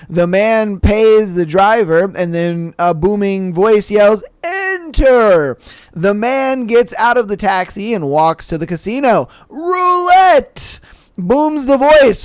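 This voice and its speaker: A man's voice: high-pitched, smooth, dry recording, clean studio sound. A man hosting a podcast, reading listener jokes aloud and chatting casually, calling his co-host "bro" and laughing along. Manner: laid-back, says "bro" a lot, laughs at own reading.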